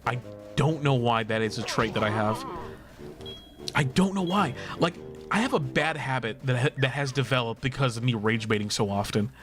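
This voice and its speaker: A man's voice: medium pitch, normal speed. A young man chatting casually while streaming a video game, joking, laughing often and swearing. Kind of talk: casual gameplay livestream chat. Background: game music.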